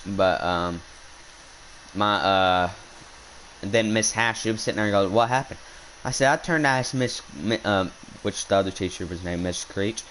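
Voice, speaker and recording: Recorded poorly outdoors with slight background noise, a young hunting vlogger talks at normal speed in a lowish, fairly bright voice. Casual and indignant, he rambles through a story full of false starts.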